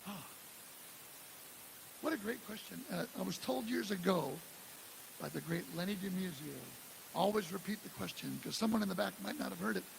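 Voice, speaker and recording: A man in his sixties from the Detroit area, telling animated stories at a live drum clinic in a music store. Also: sits high, normal speed, vocal fry, long pauses. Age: 60s. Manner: animated storyteller who acts out quotes and scats drum parts. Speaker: guest drummer giving a clinic. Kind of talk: live clinic talk and storytelling. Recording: live room with steady hiss.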